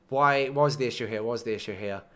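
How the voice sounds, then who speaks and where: A man's voice: medium pitch, creaky, a bit bright. A young man commenting casually on his own gameplay, muttering to himself and breaking into frustrated outbursts. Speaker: gaming streamer.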